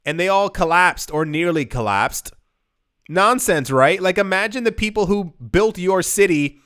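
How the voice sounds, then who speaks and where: Male crypto channel host, joking and sarcastic, with a resonant, fairly high voice. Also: clear, resonant tone. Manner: sarcastic, animated, joking asides. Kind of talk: casual news commentary.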